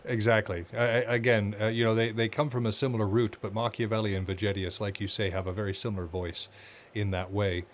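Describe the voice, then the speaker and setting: A man co-hosting a podcast in casual chat, talking in a relaxed, loose way with frequent filler words. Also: lowish voice, fairly quick. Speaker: podcast co-host.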